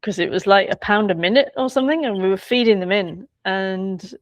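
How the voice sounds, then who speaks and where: A woman author recalling a friend in a relaxed interview, chatty and quick to laugh. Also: medium pitch, no room sound. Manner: chatty, laughs often, trails off and restarts. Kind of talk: conversational interview.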